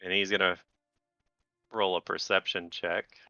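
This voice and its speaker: Male game master, low voice, bright and smooth tone, slightly dull lo-fi mic. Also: a little slow, dry recording, faint music behind. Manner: relaxed, hesitant narration with fillers. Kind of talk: narrating a tabletop game.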